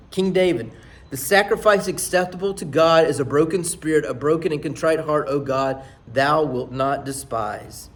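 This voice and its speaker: A male pastor with a medium-pitched voice delivers a sermon, reading scripture with rising force and dropping to near whispers for emphasis. His preaching is emphatic, and there's slight background noise.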